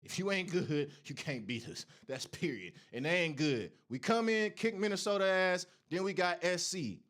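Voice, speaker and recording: A man's voice: high voice, normal speed, fairly bright tone. A man hosting a sports show, delivering a heated, profane college football rant that trash-talks rival fans. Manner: Oregon fan taunting rival fans.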